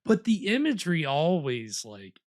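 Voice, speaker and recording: A man's voice: fairly high pitch, wildly swooping pitch, moderate pace, no echo, studio quality. A young man hosting a live movie stream, chatting casually and rambling, often restarting with lots of likes. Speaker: host. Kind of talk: casual chat.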